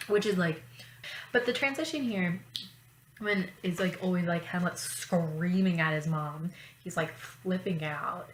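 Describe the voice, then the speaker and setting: A woman vlogging in casual chat, talking in a chatty, profane way with quick asides. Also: lowish voice, a little hiss or hum. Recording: roomy echo, faint ambience.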